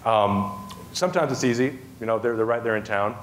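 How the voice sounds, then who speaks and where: A man's voice: lowish voice, fairly quick, slight background noise. A man giving a humorous storytelling talk on a festival stage, chatty and self-amused, with many asides and restarts. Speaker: festival speaker.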